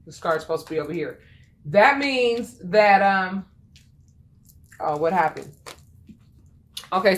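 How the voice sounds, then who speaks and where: A woman's voice: medium pitch, fairly bright tone. A woman giving a casual tarot reading, talking bluntly and chattily, swearing freely and repeating lines for emphasis. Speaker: tarot reader.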